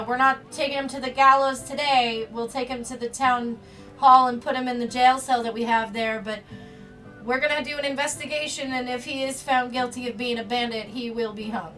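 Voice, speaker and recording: A woman's voice: a little high, a bit bright. A woman narrating a tabletop game as game master, hesitant and full of ums. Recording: distant mic.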